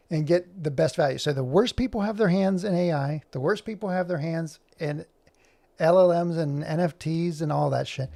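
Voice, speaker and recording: A man's voice: a little high, gravelly, a little mellow. A man ranting in casual chat while he works on animation, heated and rambling, swearing freely as he talks. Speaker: animator and streamer.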